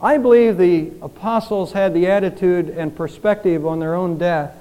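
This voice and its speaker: A man's voice: sits high, moderate pace, warm tone, clear, resonant tone. A man preaching a sermon as pastor, earnest and pleading, with rhetorical questions that rise and fall in intensity. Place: church sanctuary. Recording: church hall with long reverb.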